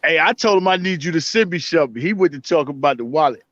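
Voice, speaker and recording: A man calling into a casual chat show, talking fast and animated. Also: a little high, no room sound. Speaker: caller. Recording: dull lo-fi phone call.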